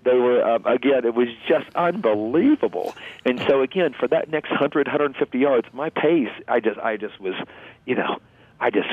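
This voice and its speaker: A man guest earnestly telling a personal story in a halting, emotional way, heard over a phone-like line. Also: medium pitch, expressive, no echo. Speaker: interview guest. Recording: phone-like narrow line, dry.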